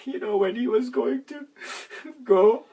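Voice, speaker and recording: A man's voice: very high voice, slow, dark tone, breathy edge. A man telling a religious story and ranting in a casual, profane, rambling monologue, laughing mid-sentence. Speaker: religious vlogger. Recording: distant from the mic.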